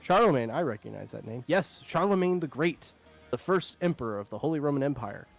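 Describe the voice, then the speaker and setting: A man's voice: fairly high pitch, expressive, a little fast, vocal fry, soft background music. A young adult man hosting a stream, talking in a loose, rambling way with lots of filler and frequent laughs. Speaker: streamer host. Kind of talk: casual chat.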